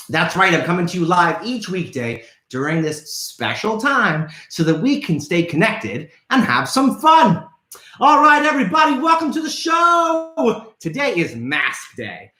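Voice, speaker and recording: Lively playful man hosting a kids' show. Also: on the high side, roomy sound. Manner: playful, theatrical, calls out to viewers. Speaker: kids' trivia show host. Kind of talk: upbeat live show for children.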